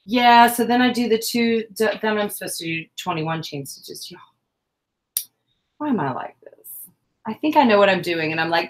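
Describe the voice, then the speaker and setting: A woman's voice: mid-range voice, lively intonation, moderate pace. A woman hosting a casual crafting livestream who chats with viewers, counts stitches aloud and jokes about her own mistakes. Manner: self-deprecating, chatty, counts stitches aloud.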